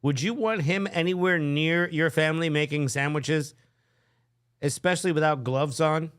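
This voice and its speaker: A man's voice: a little high, moderate pace, fairly bright tone, smooth. A man hosting a podcast, reacting to a video with crude, exasperated commentary. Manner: profane, exasperated, laughing. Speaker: podcast host.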